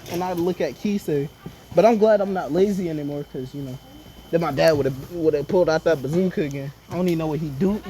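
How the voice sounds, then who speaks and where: A man's voice: high voice, darkish tone. Man, improvised comic storytelling, rambling, faint background hiss. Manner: rambling, joking, acts out dialogue with stammers.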